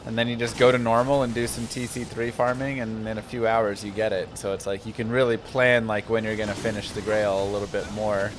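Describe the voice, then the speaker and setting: A man's voice: on the low side, flat delivery, fairly quick, few pauses, background noise. A man casually chatting to his viewers while streaming a game, rambling and answering questions as he plays. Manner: rambling, chatty, talks to chat. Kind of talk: casual live-stream commentary.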